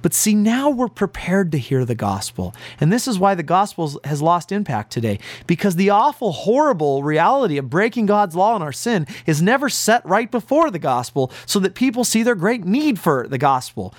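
A man's voice: high voice, big pitch swings, normal speed, dry recording. A man preaching an earnest, emphatic sermon as pastor. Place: broadcast to listeners at home and on the road.

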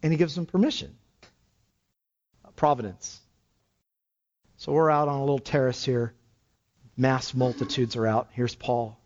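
A man preaching a sermon, swinging between loud exclamations and hushed low passages. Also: measured pace, long pauses, dull audio. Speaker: pastor.

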